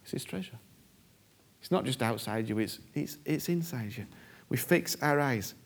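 A man's voice: medium pitch, expressive, moderate pace. A male preacher delivering a sermon, stressing points by repeating phrases and acting out prayers. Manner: emphatic, repeats key phrases and acts out prayers.

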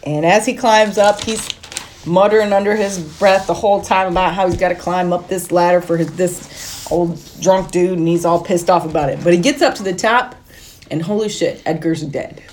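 A woman's voice: fairly low pitch, moderate pace, darkish tone, slight background noise. Chatty woman recapping a plot. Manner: chatty storytelling, puts on voices when quoting. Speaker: podcast co-host recapping a film. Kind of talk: casual chat, plot recap.

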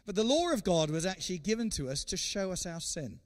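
A man preaching a sermon as an evangelist guest speaker, telling a story in an animated way and often repeating words. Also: sits high, brisk. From England.

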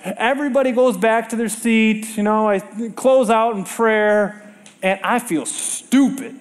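A man's voice: high voice, measured pace. A middle-aged man preaching a sermon to a congregation, telling stories with animation and asking them rhetorical questions.

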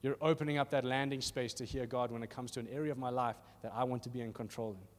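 A man preaching a sermon in a church hall in an animated, conversational way, often asking "are you with me?". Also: medium pitch, fast. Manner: animated and conversational, acting out little voices, asks "are you with me?". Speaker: pastor. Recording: reverberant hall.

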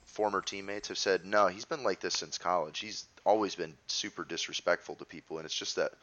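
A man's voice: deep voice, fairly quick, bright, forceful tone, lo-fi sound. A man hosting a podcast in casual chat, wry and joking, with some swearing. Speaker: podcast host.

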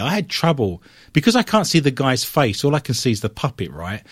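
A man's voice: lowish voice, expressive, normal speed, no room sound, studio quality. An English man with an English accent hosting a show in a chatty, wry way. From England. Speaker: podcast host. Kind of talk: casual chat.

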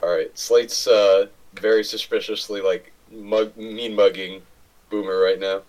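Direct, low-voiced male player. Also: steady tone, unhurried, a little mellow, poor audio. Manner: direct, careful questions. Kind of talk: tabletop game play.

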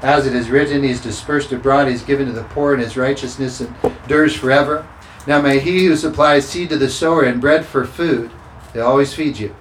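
A man's voice: medium pitch, fairly quick, slight background noise. A man preaching a sermon as pastor, emphatic and repeating scripture declarations. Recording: roomy sound with faint ambience.

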